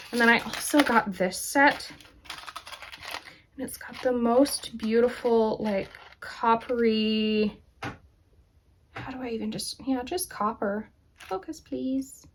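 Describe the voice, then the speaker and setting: A woman's voice: fairly high pitch, a bit bright, slight background noise. A woman hosting a knitting podcast, chatting casually and enthusiastically as she shows her projects, laughing often. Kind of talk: casual show-and-tell chat.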